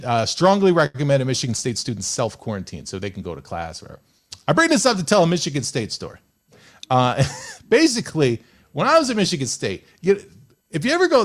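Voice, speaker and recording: Animated male radio host. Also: on the high side. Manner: animated, joking storyteller. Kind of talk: casual radio chat. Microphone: studio microphone.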